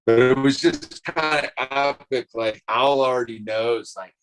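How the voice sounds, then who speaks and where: A man talking on a live stream in a relaxed, rambling way, tossing "dude" and "like" into nearly every line. His voice sits at an ordinary middle pitch for a man, and he keeps it loose and easygoing as he tells his story. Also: measured pace, rough recording. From California. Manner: laid-back, rambling, says dude and like a lot. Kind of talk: casual chat.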